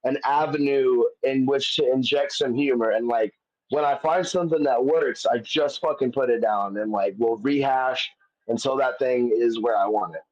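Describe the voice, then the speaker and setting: A man's voice: mid-range voice, normal speed, darkish tone. A man, a comedian guest, telling stories in casual chat, swearing often and rambling with many fillers. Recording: dull lo-fi audio.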